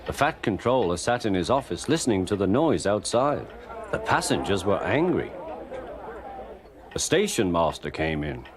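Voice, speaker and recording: A man narrating a storybook with an expressive reading style. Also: on the low side, moderate pace, a crowd in the background.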